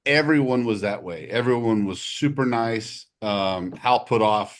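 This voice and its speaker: A man with a lowish voice co-hosts a podcast in casual chat. He talks in an easygoing way and laughs often between his remarks. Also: a little slow. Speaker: podcast co-host.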